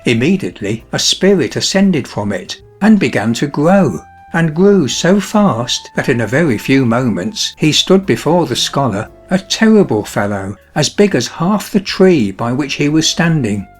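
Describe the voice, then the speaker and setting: Animated male fairy-tale narrator. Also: medium pitch, moderate pace, hardly any pauses, slightly rough, soft background music. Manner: expressive, animated storytelling.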